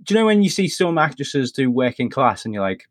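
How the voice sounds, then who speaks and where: Man, podcast host, mid-pitched, dry wry chat, close dry sound. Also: sing-song, brisk, dry recording. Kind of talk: casual chat.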